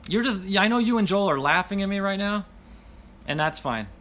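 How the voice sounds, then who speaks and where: A man's voice: high-pitched, animated, brisk, fairly bright tone, slight background noise. Chatty, apologetic male livestream host. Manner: apologetic, self-deprecating, laughs often. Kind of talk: casual livestream chat, reading viewer comments.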